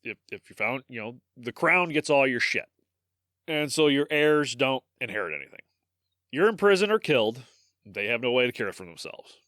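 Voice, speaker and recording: A man with a Midwestern accent, hosting a casual history podcast, telling the story in an animated way, swearing and laughing. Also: medium pitch, moderate pace, no echo, clean studio sound. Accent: Midwestern American. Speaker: podcast host.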